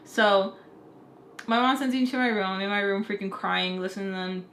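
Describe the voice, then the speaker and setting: Animated young woman telling a story. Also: mid-range voice, moderate pace. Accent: American, Utah. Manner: animated, acts out quoted voices of family. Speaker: vlogger telling a story time. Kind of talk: casual storytelling. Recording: echoey room, faint noise.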